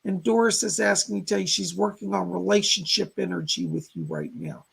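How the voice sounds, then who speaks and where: Gravelly-voiced man giving psychic readings. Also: high voice, fairly quick. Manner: relays spirit messages with constant "he said" asides; talks listeners through a meditation in calm steps. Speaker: psychic medium. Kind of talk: live-stream psychic readings and guided visualization.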